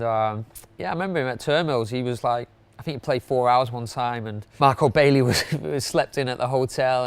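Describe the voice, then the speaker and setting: Chatty man with a smooth voice. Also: medium pitch. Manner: chatty, rambling with many fillers. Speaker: club promoter ranking his favourite DJs. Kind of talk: casual spoken countdown.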